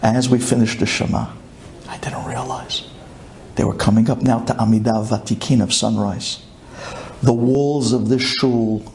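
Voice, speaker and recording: A man from Brooklyn, telling a personal story with excitement, dropping low and then bursting into shouts. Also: a little hiss or hum. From Brooklyn, USA. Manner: excitable, swings from hushed to shouting.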